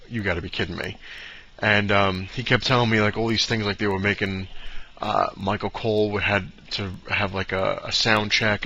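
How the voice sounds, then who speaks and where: A man's voice: on the low side, pushed and bright, dull audio. A man ranting casually in a vlog, rambling with many fillers and restarts. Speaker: vlogger.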